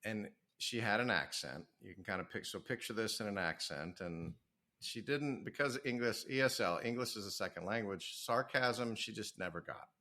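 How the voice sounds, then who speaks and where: Energetic middle-aged man with a low, bright voice. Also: moderate pace. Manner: energetic, storytelling, self-promoting. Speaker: author and business coach. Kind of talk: podcast interview.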